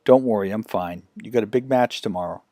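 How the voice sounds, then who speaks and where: A man voicing an affectionate, joking husband in an audiobook, speaking in a lively, slightly raised voice. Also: lowish voice, a little fast, no room sound, studio quality, close to an everyday voice. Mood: reassuring. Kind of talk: audiobook character reading.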